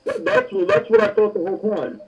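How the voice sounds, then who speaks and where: Husky, gravelly man with a high voice. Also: wildly swooping pitch, brisk, a little mellow, low-quality recording. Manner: short, offhand remarks, a little hesitant. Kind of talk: casual chat.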